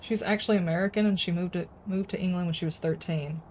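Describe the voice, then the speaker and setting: A woman's voice: lowish voice, steady tone, fast talker, darkish tone, a little hiss or hum. A woman streaming a game, chatting casually and rambling as she answers her viewers' comments. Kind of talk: casual live-stream chat.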